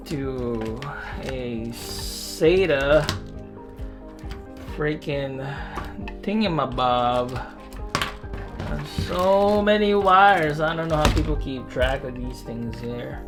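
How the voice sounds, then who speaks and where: An adult in their thirties talking casually to camera at home while building a computer, rambling and chatty, with self-deprecating asides, lots of filler words and the odd excited whoop. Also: medium pitch. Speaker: hobbyist vlogger. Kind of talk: casual vlog narration while working.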